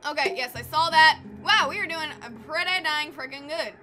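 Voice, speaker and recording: A woman giving casual, excitable gameplay commentary, easily spooked and talking back to the game. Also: high voice, a little fast. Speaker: let's play gamer. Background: game music.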